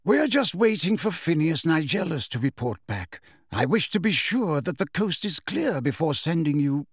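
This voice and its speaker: A man voicing a calm, commanding elderly wizard headmaster, speaking in a measured, authoritative way. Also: husky, no echo, clean studio sound, full character voice. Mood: grave, urgent. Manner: measured, authoritative, raised and lively pitch. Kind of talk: audiobook character voice.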